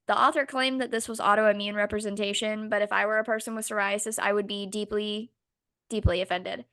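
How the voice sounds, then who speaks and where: A young woman co-hosting a podcast, ranting sarcastically in a casual, animated chat with some swearing. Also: mid-range voice, brisk. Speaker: podcast co-host.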